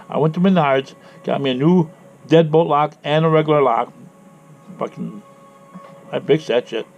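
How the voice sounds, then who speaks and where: A man's voice: mid-range voice, vocal fry, darkish tone. A man with a head cold, ranting angrily and swearing while he tells a bad day, repeating himself. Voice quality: congested. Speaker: vlogger. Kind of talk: ranting personal vlog. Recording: dull lo-fi sound with faint noise.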